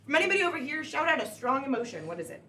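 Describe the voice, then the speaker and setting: Upbeat woman emcee for live improv; higher voice, heard from far off in a roomy theater with noise behind. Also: big pitch swings, very fast. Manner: upbeat, shouting eliminations to the crowd. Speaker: improv comedy host. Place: comedy theater stage. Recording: echoey stage from a distant mic with noise.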